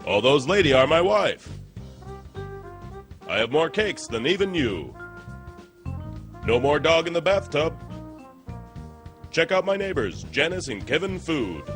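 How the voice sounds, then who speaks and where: A man playing a boastful immigrant pitchman. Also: big pitch swings, music in the background. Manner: halting, broken phrasing, proud salesman pitch. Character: newly arrived male immigrant in a spoof ad, boastful. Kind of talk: comedy sketch spoof ad.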